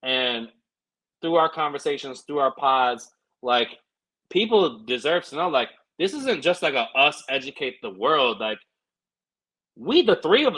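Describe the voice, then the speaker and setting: Bright-voiced earnest man telling a story. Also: medium pitch, slightly rough, poor audio. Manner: earnest, reflective storytelling with many fillers. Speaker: podcast co-host. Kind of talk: casual podcast chat.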